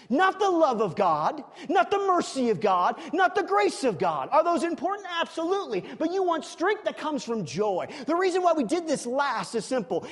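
A man preaching a sermon in a church, emphatic, swinging from loud exclamations to quiet, confiding asides. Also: very high-pitched. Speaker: pastor. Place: church sanctuary. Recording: long reverb of a large hall.

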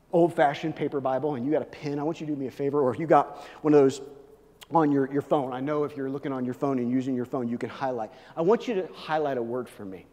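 A male pastor preaching a sermon, swinging from hushed, low asides to loud, emphatic proclaiming. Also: in a large hall.

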